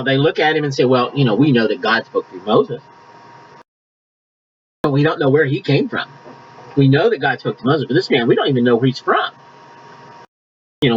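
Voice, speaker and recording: A man's voice: mid-range voice, a bit bright, highs cut off, a little hiss or hum. A man preaching a conversational sermon, reading scripture aloud and adding asides. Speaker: pastor.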